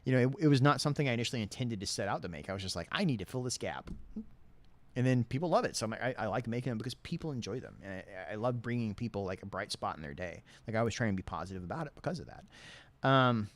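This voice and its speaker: A man with a lisp answering viewer questions in a casual livestream chat, rambling and self-deprecating. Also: fast talker. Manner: animated, swings between low and high tones.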